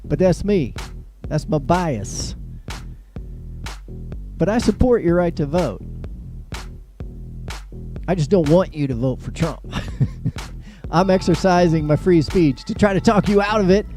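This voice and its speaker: A man's voice: on the high side, expressive, a little slow, long pauses, over music. A middle-aged man hosting a live political monologue, joking and sarcastic, laughing at his own jokes and mocking others with put-on voices. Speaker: show host.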